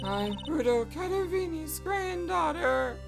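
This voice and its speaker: A woman voicing a tearful, frail young woman in a video game, speaking high and quavering over game music. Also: lively intonation, slow pace, vocal fry, full character voice.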